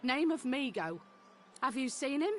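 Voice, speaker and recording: A woman's voice: high-pitched, big pitch swings, a little slow, fairly bright tone, faint music behind, full character voice. A woman voicing a determined woman in a video game, questioning someone urgently about a missing inmate. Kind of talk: voiced video game dialogue.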